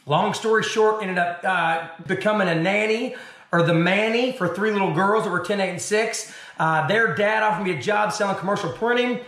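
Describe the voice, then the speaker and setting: A man's voice: high-pitched, moderate pace, echoey room. A man from Arkansas, a television host, telling his story as an interview guest and acting out the people in it. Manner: animated storyteller acting out other voices.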